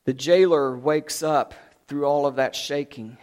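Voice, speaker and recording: Slow, dramatic male preacher. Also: a little high. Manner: dramatic retelling with big swings from hushed to loud. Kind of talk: sermon.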